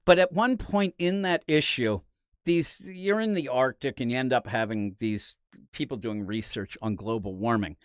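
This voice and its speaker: A man's voice: mid-range voice, normal speed, smooth, dry recording, studio quality. A man hosting a casual comic book review podcast, telling stories in a fired-up way and mocking people with quoted voices. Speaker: podcast host.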